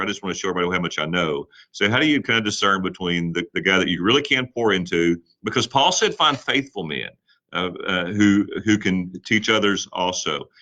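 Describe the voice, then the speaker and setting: Interview host, very low but forceful voice, conversational and thoughtful. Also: male voice. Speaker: podcast host. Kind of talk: interview questions.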